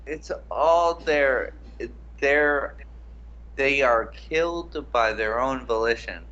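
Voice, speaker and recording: Dude talking slow and deliberate about movies, bright voice, kinda lo-fi sound. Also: male voice, medium pitch. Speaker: co-host. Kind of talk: casual film breakdown chat.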